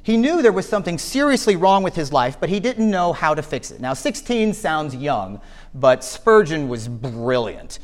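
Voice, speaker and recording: High, lively-voiced male pastor. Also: normal speed. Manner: animated storytelling with joking asides to the congregation. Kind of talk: sermon storytelling.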